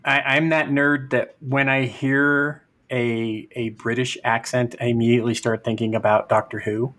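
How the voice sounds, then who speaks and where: A man's voice: mid-range voice, flat delivery, normal speed, a bit bright. A man from California, co-hosting a podcast, telling chatty stories with frequent stammered restarts. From California, United States. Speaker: podcast co-host. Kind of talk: casual podcast chat.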